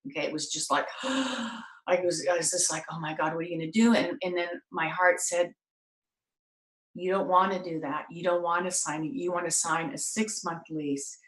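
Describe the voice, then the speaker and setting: A woman's voice: fairly low pitch, normal speed. A woman host telling a personal story to an audience, acting out the voices of the people in it. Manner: animated, acts out voices in her story. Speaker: talk show host. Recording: echoey room.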